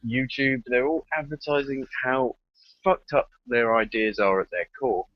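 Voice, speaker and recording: A man's voice: medium pitch, unhurried, no echo, lo-fi sound. A man talking bluntly and with plenty of swearing in a casual online discussion.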